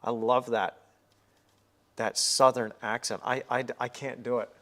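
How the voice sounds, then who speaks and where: A man's voice: medium pitch, little pitch movement, unhurried, fairly bright tone. A man hosting a live painting stream, chatting in an upbeat way and thinking aloud as he works at the easel. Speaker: painting livestream host. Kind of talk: live painting demonstration chat.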